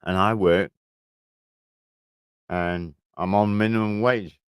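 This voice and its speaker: A man's voice: fairly low pitch, steady tone, slow, clean tone, no room sound. A man, chatting casually on a livestream from his shed, telling rambling stories full of swearing. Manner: rambling storytelling, heavy swearing. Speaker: livestream host. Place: garden shed.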